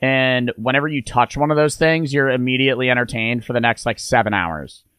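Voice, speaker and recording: Bright-voiced young man reacting to a video. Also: medium pitch, fairly quick, clean tone, no echo. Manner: chatty, joking asides. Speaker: reaction streamer. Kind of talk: casual reaction commentary.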